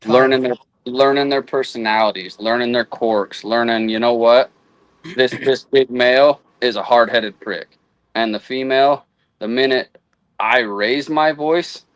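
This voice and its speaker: Halting, rambling man talking dogs. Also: mid-range voice, fairly bright tone, no echo, poor audio. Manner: halting, repeats words while thinking. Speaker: guest houndsman. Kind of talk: casual chat.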